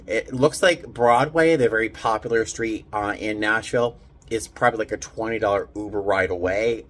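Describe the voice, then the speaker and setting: A man chatting casually to the camera as a travel vlogger, thinking aloud and gushing when excited. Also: lowish voice. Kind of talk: casual vlog chat to camera.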